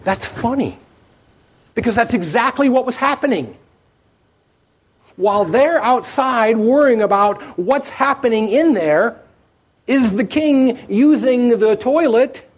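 A man preaching a sermon, telling the story with animated emphasis, his voice rising as he drives points home. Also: very high-pitched, slow, breathy edge. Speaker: pastor.

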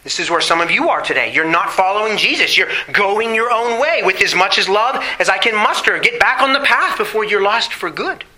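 A middle-aged man preaching a sermon, asking the congregation questions and slowing down on key phrases. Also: sits high, lively intonation, pushed and bright, poor audio. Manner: preaching with rhetorical questions and emphatic slow phrases. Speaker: pastor.

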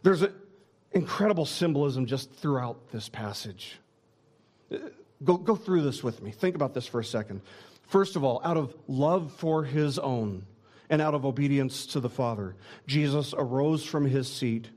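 A man's voice: mid-range voice, expressive, normal speed, darkish tone. A man preaching a sermon in an earnest way, often repeating a word as he starts a phrase. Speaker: pastor.

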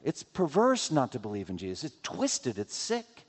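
A man preaching a sermon as pastor, asking rhetorical questions and acting out quotes in an animated way. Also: mid-range voice, normal speed, breathy edge. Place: church sanctuary. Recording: long hall reverb.

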